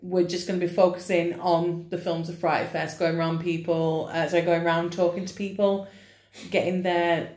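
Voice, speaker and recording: A woman's voice: on the low side, little pitch movement, normal speed, a little mellow. A woman co-hosting a casual podcast, laid-back and wry. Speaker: podcast co-host. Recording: echoey room.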